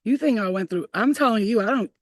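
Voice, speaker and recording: A woman's voice: on the high side, lively intonation, quick pace, dry recording. Blunt, profane woman telling stories. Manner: blunt, profane, laughs often. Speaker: livestream host. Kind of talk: casual storytelling to live chat.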